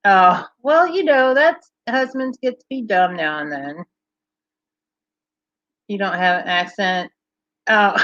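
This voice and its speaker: A woman's voice: medium pitch, takes it slowly, pauses often, a bit bright, dry recording, lo-fi sound. Chatty woman with a mild Kentucky lilt. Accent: mild Kentucky Southern. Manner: chatty, playful, reads out viewer comments. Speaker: livestream host. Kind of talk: casual chat with viewers.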